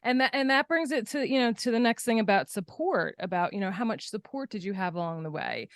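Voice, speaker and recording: Woman interviewer, supportive, dry close recording, mid pitch. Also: animated, brisk, no room sound. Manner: supportive, with frequent affirming interjections. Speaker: podcast host.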